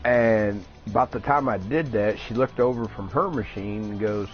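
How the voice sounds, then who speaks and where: Older man, low voice, salty and laid-back, swears freely while telling a story, muffled lo-fi audio with soft music behind. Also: moderate pace, few pauses. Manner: crude, salty, easygoing storyteller. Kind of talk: casual storytelling chat.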